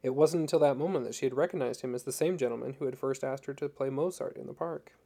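A man reading a novel chapter aloud as an audiobook narrator, steady storytelling. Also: medium pitch, fast, vocal fry. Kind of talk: scripted narration.

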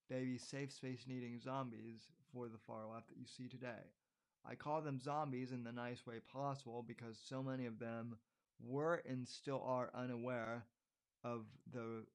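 A man in his twenties hosts a podcast, reading his own essay in a mid-pitched voice. He steps away from the text for loose asides, calling his listeners "folks" or "ladies and gentlemen" and filling pauses with "uh" before returning to the article. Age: 20s. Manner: frequent uh fillers and restarts in asides. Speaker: podcast host.

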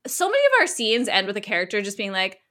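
A woman recapping a TV episode in casual podcast chat, animated and frank, swearing freely. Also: medium pitch, fast.

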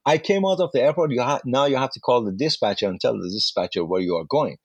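A man, a guest actor, telling lively anecdotes and acting out dialogue. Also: mid-range voice, fast talker, breathy edge, dry recording, highs cut off. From Iran. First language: Farsi. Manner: animated anecdotes with acted-out dialogue. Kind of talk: casual storytelling.

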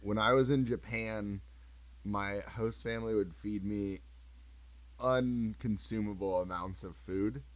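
Lower-voiced American man, relaxed and conversational, casual chat. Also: a little slow, low-quality recording. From United States.

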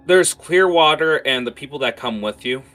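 A man's voice: on the high side, lively intonation, moderate pace, a bit bright, soft background music. A young man narrating as game master in a casual way, with lots of fillers. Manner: casual, many fillers and restarts.

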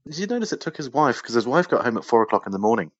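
A man chatting casually as a podcast co-host, full of trivia and quick asides. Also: medium pitch, big pitch swings, no echo, lo-fi sound. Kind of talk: casual chat about old British TV.

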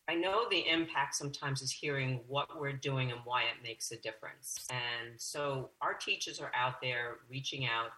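A woman who teaches yoga, a guest on a radio show, telling a story in an earnest, animated way. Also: very deep voice, rough recording.

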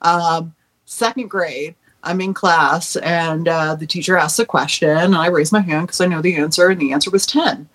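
A woman from New York, a podcast guest, chatting casually and telling lively stories. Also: lowish voice, normal speed. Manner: animated storyteller. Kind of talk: casual chat.

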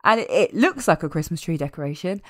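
A woman in casual chat, recapping a film with animated, wry asides. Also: fairly low pitch, fast talker, no room sound, clean studio sound.

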